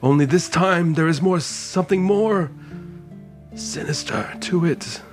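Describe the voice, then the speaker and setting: A man voicing a weary, solemn old male wizard who speaks slowly and deliberately in a tabletop game. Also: on the high side, music in the background, pitched above the performer's own voice, lightly acted. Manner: slow, grave and deliberate.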